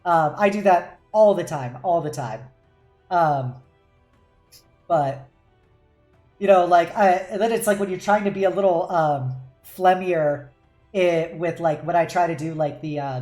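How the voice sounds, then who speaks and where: A woman's voice: lowish voice, a little mellow, reverberant. A woman hosting a casual roundtable as game master, chatty and laughing often.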